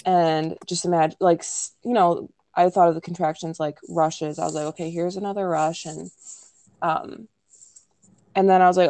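A young woman with a lowish voice tells a personal story in a relaxed, conversational way. She leans on "like" and "um" and sometimes acts out quoted lines. The sound is close and dry, with no room around it. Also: normal speed, no room sound. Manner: chatty, many "like" and "um" fillers, acts out quoted lines. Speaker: podcast co-host telling her birth story.

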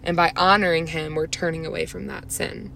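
A young woman talks through her solo faith podcast in an earnest, rambling way, full of "like" and "um." Her voice sits a little low and has a gravelly fry. A faint hum runs under the recording. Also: fairly even intonation, a little fast, a bit bright. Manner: chatty, earnest, lots of "like" and "um". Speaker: podcast host.

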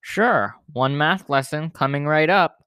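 A man's voice: on the high side, unhurried, bright, forceful tone, clear, resonant tone, no echo, clean studio sound. A man doing a cheerful, clumsy stage magician. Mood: showy.

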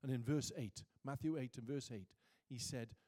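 Preaching, this man reads scripture at a slow pace, his delivery swinging from hushed reflection up to booming emphasis.

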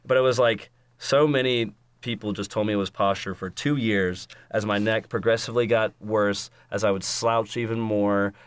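Low-voiced young man telling a story. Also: steady tone, moderate pace, hardly any pauses, clean tone, dry recording. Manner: swearing storyteller, acts out quotes. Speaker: podcast guest. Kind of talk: casual chat.

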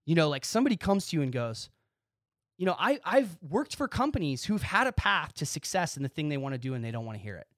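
A man hosting his own podcast, talking excitedly in a casual monologue and acting out quick bits of dialogue. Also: a little high, dry recording, studio quality. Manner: excitable, animated, talks with his hands in quoted dialogue. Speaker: podcast host.

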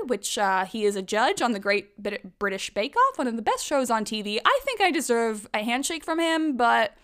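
Young woman, podcast host, chatty storyteller, clear smooth voice, fairly high. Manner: chatty, animated storytelling with occasional swearing. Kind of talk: casual chat.

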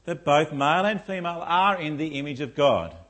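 A man's voice: a little high, a little fast, a bit bright. A middle-aged man preaching a sermon in a church, often asking the congregation rhetorical questions like "isn't it?". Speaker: pastor.

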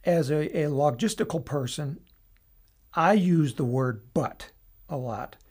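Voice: medium pitch, animated, slow, a little mellow, slightly rough. A podcast host talking through an analysis on their own in a casual, explanatory way, with frequent restarts and asides.

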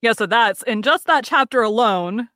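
A woman's voice: fairly high pitch, normal speed, dry recording, studio quality. A woman reading from her own fantasy novel in first person, then talking about it as a guest author. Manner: steady first-person narration.

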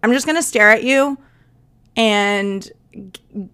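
A woman's voice: mid-range voice, slow pace, bright, forceful tone, clean tone. A young woman, a flight attendant hosting her own podcast, telling stories in a casual, chatty monologue and laughing as she acts out passengers.

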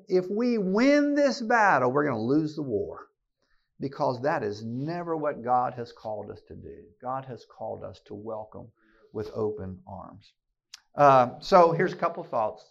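A man's voice: medium pitch, creaky. A man giving a sermon-style keynote to a gathering of men, emphatic and folksy, often repeating his phrases. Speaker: speaker at a men's gathering. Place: live talk to an audience. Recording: slightly dull lo-fi recording.

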